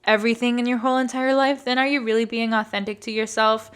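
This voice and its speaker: Fairly high-pitched, steady, fast, and clean, this woman's voice belongs to a podcast host in her twenties. She shares a personal story as a casual monologue, speaking openly and chattily with plenty of swearing.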